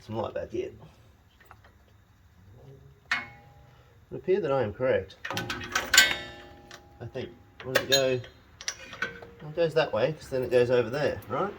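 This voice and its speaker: In a noisy home garage, a channel host tinkers with his truck, his medium-pitched voice animated but unhurried, broken by long pauses. He thinks aloud for his casual vlog, grumbling wryly to the parts and mocking himself often.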